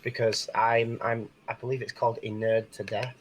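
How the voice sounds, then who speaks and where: A man's voice: medium pitch, level tone, moderate pace, a little hiss or hum, low-quality recording. A man playing a tabletop role-playing game who talks hesitantly and restarts his sentences. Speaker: player.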